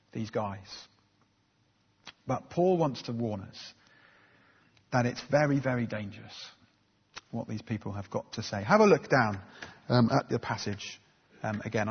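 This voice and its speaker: A man's voice: mid-range voice, breathy edge. A man preaching a sermon in an earnest, conversational way, with frequent ums and uhs. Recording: dull recording in a reverberant hall.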